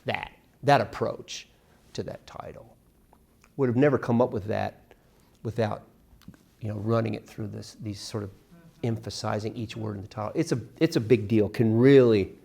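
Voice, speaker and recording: A middle-aged man teaching a casual songwriting workshop, acting out lyric lines with lively emphasis. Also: lowish voice, moderate pace, creaky, long pauses, breathy edge. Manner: animated, sings and acts out lyric examples.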